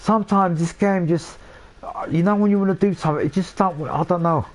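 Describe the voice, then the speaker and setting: Swearing gamer streaming a race. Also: male voice, high-pitched, brisk. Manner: swears a lot, talks to his viewers, flares up in frustration. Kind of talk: casual gameplay commentary.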